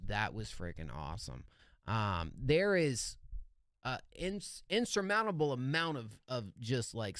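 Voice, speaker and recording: A man hosts a live music review stream, chatting casually and enthusiastically with plenty of slang, fillers and restarts. His medium-pitched voice comes through in clean studio sound with no room echo.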